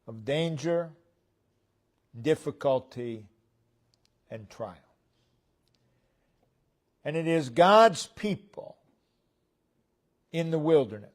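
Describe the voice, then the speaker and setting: A man delivers a sermon in a church at an unhurried, measured pace. His voice sits slightly high for a man, and he breaks his points into short phrases that fall away at the ends. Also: a little mellow. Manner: slow, deliberate preaching with pauses between phrases. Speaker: preacher.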